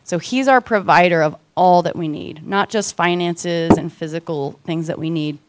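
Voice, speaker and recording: A woman's voice: on the low side, normal speed, background noise. A woman, likely in her thirties, giving a casual devotional Bible teaching in a conversational way, often checking in with "right?".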